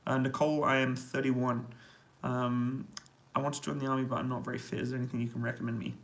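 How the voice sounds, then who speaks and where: A man's voice: medium pitch, level tone, quick pace, low-quality recording. A man casually chatting on a live stream from army accommodation, reading out viewer comments and answering them in an easygoing way with frequent laughs. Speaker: YouTuber answering live chat. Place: army accommodation room, indoors.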